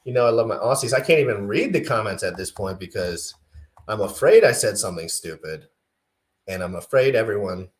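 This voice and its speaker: A man co-hosting a casual crypto livestream, rambling and self-deprecating, getting excited between tangents. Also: on the low side, a little fast. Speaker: livestream co-host.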